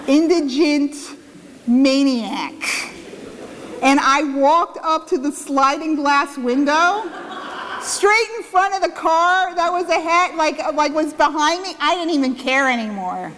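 A woman's voice: high-pitched, fairly bright tone, slight background noise. A woman pastor giving a sermon, telling a self-mocking story and acting out the quotes. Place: church. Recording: church hall reverb.

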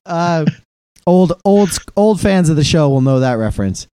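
A man in his thirties co-hosting a podcast, talking casually in a rambling, profane, animated way. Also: a little high, moderate pace, clean tone. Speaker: podcast co-host. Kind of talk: casual chat.

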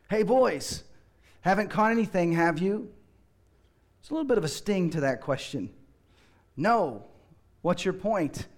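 A man preaching a sermon in an earnest way, often slowing down and dropping quiet to stress a point. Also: a little high. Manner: earnest, slows down and drops quiet for emphasis. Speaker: pastor.

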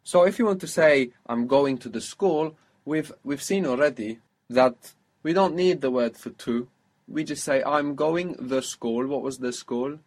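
A man teaching a spoken language lesson, patiently prompting his student with questions and modelling phrases slowly. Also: mid-range voice, darkish tone.

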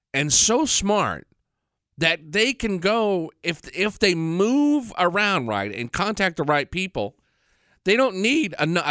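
A man hosting a podcast, talking in a rambling, frank casual monologue, congested and clearing his throat from allergies. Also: on the high side, a bit bright, no room sound, clean studio sound. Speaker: podcast host. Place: studio.

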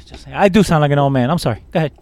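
A man's voice: a little high, a little mellow. A young man co-hosting a casual wrestling chat, ranting emphatically and repeating words. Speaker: podcast co-host.

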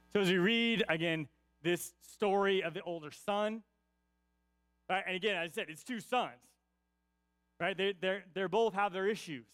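High-voiced preacher asking "right?". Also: male voice, moderate pace, pauses often, fairly bright tone, clean tone, dry recording. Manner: peppers points with "right?" tag questions; repeats key lines for emphasis. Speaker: pastor. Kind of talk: conversational sermon.

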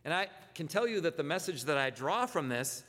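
A man's voice: fairly high pitch, very animated, a little fast, fairly bright tone, in a large hall. A man preaching a sermon as a pastor, talking conversationally, often repeating words and posing rhetorical questions. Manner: conversational, self-correcting, asks rhetorical questions.

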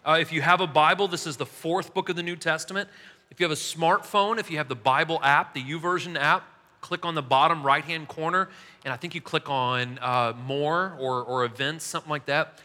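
A man's voice: on the high side, a little fast, pushed and bright. A man in his thirties preaching a casual sermon, telling funny family stories and laughing at himself. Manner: chatty, self-mocking, laughs at his own stories. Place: large church hall. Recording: hall reverb.

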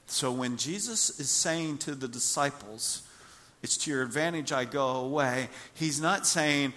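A man preaching a sermon as pastor, animated, acting out little scenes and repeating words for emphasis. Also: medium pitch, unhurried. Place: church.

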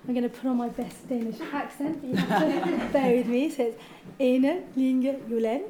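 A woman's voice: a little high, fairly quick, a crowd in the background. A woman from Britain moderating a live panel talk, hesitant, with many ums and restarts. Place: event venue, live audience. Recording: echoey event hall with faint noise.

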